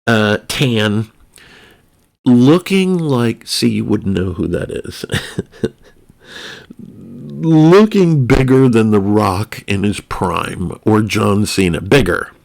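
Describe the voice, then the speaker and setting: A young man telling a casual storytime anecdote in a rambling, animated way, with side remarks and comic exaggeration. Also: fairly low pitch, takes it slowly, creaky, long pauses.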